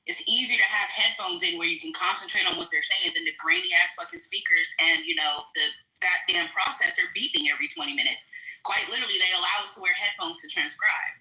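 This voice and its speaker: A woman speaks from her home kitchen while she cooks, telling her stories in a blunt, chatty way full of "like" and "quite literally." Her voice is very bright and rings in an echoey room. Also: on the low side, fast. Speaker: guest speaker, military veteran. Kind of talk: casual storytelling on a live stream.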